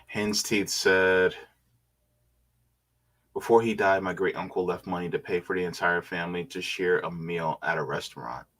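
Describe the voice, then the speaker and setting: A man hosting a casual livestream, reading viewer comments aloud and musing on them in a laid-back way with quiet hums. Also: low voice, fairly even intonation, normal speed.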